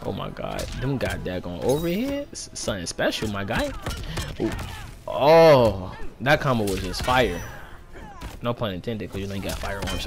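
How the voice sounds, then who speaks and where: A man giving excited play-by-play commentary as he plays a fighting game, groaning and exclaiming at every hit. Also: fairly low pitch, normal speed, soft background music. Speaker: gaming channel host. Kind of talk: live gameplay commentary.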